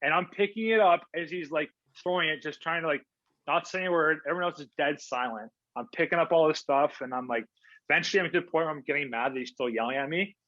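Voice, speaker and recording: A man's voice: on the high side, fast, a bit bright, no echo. A man, a former hockey player, telling stories in a casual interview, laid-back and rambling with lots of fillers. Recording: dull lo-fi remote audio.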